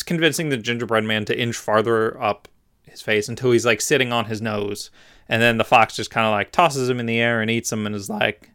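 A man co-hosting a podcast, chatting in an animated, jokey way with many fillers. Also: mid-range voice, a little fast, clear, resonant tone. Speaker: podcast co-host. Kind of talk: casual chat.

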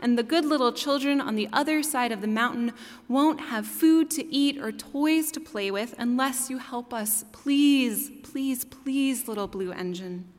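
A woman's voice: measured pace, lightly acted. A woman voicing a crowd of dolls and toys, pleading together for help. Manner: pleading, high. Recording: long hall reverb.

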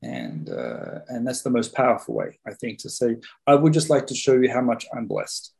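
A man's voice: medium pitch, huge pitch swings, normal speed, gravelly, darkish tone, low-quality recording. Rambling man telling stories. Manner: rambling, repeats words, storytelling asides. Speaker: host. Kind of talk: casual discussion, teaching.

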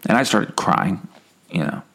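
A man hosting a comedy podcast, telling a rambling, deadpan monologue full of self-corrections and dark punchlines. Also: a little slow. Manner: escalates mundane stories into dark punchlines. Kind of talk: absurdist comic monologue.

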